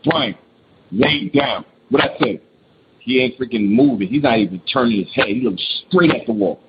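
A man's voice: mid-range voice, brisk. A man casually telling a scary personal story in a rambling, slangy way with frequent restarts. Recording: dull lo-fi recording with clear noise.

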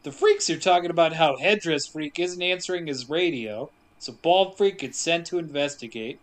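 Man, higher-pitched voice, casual podcast movie recap, joking storyteller. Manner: joking, animated storytelling with quick asides.

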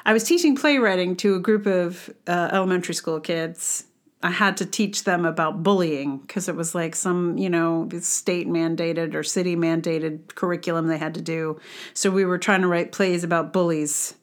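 A woman's voice: on the low side, steady tone, normal speed. A woman hosting a casual book review monologue, ranting with sarcastic passion and wry asides. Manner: wry, conversational with fillers. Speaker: podcast host reviewing a book.

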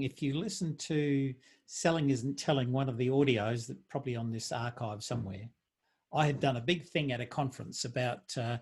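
A man's voice: mid-range voice, darkish tone, breathy edge. A man hosting a podcast, chatting in a jokey, easygoing way with his guest. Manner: jokey, chatty, laughs easily. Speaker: podcast host. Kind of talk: casual interview chat.

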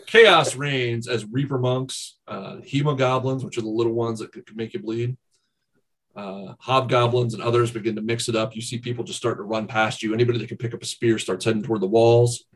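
A man's voice: mid-range voice, fairly even intonation, brisk. A man narrating as game master of a tabletop game, in a casual, fillered way with the odd swear word.

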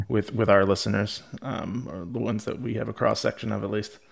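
A man co-hosting a casual music podcast, easygoing and quick to laugh. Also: fairly low pitch, steady tone, gravelly. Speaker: podcast co-host. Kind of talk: casual chat.

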